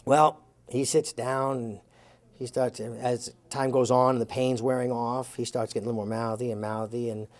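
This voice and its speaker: Man telling a story with animated voices. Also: medium pitch, normal speed. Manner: acts out the quoted lines in the story with lively shifts in voice; chuckles while telling the story. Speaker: interview guest telling an anecdote.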